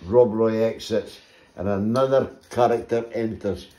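Brief: Scottish male storyteller, mellow tone, unhurried, echoey room. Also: on the low side, steady tone. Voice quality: laughs through the telling. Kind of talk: comic storytelling.

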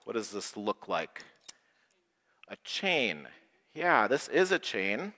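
A middle-aged man preaching a simple sermon to people with special needs, slow and plain, leading the congregation in call-and-response prayers. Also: on the low side, very animated, pushed and bright. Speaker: pastor. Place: worship hall. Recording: long hall reverb.

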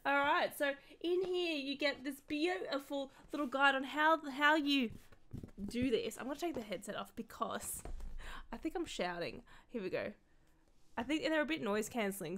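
Excitable, sweary woman vlogger. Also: high voice, normal speed, a little hiss or hum. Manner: chatty, rambling asides. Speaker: content creator and streamer. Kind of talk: casual unboxing vlog.

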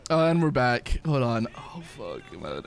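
A man streaming a video game in casual chat, excitable and sweary, breaking into shouts and laughter. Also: medium pitch, unhurried, vocal fry. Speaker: gaming streamer. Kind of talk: casual live-stream chat over gameplay. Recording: faint music behind.

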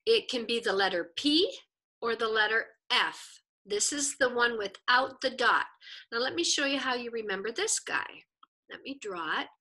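Animated lady teacher telling a story to her class, high voice that jumps all over. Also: normal speed. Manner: animated storyteller who acts out the people she quotes. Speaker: Bible and Hebrew teacher. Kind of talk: storytelling during a lesson.

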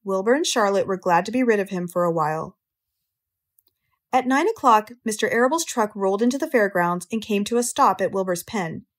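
A woman's voice: mid-range voice, lively intonation. American woman reading a storybook aloud. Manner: clear, measured storytelling. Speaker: audiobook narrator, English teacher. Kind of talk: audiobook narration for English learners.

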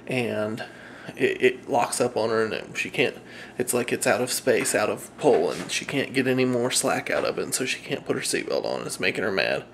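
Dad vlogger, gravelly voice, worn-out and rambly, chuckles a lot. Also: male voice, medium pitch, lively intonation, normal speed, slight background noise. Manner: tired, rambling, chuckling often. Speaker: family vlogger. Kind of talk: casual vlog talk.

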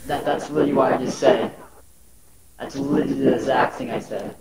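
A man's voice: medium pitch, steady tone, a little fast, a crowd in the background, natural voice. A man playing a teasing snoop in a roomy space. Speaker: roleplay player. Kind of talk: casual Minecraft roleplay.

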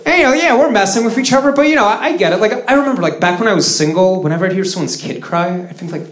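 A man's voice: high voice, animated, racing, fairly bright tone. A man from Russia performing live stand-up comedy with a dry, sarcastic delivery. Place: stage in a live comedy venue. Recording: roomy live venue with audience noise.

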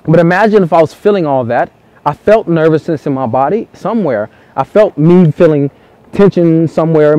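A man's voice: on the high side, warm tone, dry recording. A man from the United States giving earnest, repetitive dating-coach advice in a vlog monologue, with casual swearing, recorded outdoors in the cold.

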